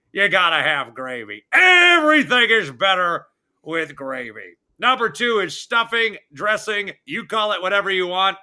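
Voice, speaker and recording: A man hosting a casual sports podcast, talking in a high, piercingly bright voice. He is brash and profane, and he drags out his words like a mock announcer. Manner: crude, emphatic, mock list-countdown delivery. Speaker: podcast host.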